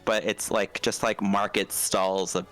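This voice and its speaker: A man's voice: lowish voice, level tone, measured pace, a bit bright, faint music behind. A man narrating a tabletop game as dungeon master, hesitant and full of fillers and restarts.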